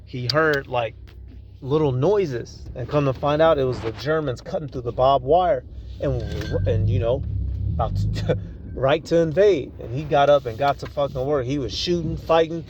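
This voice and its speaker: A man's voice: medium pitch, normal speed, a little mellow, muffled recording. A man hosting his own channel. He talks to viewers in an emphatic, profane way, often repeating himself and calling them y'all. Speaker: channel host. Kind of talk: casual commentary to camera. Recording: clear outdoor traffic noise.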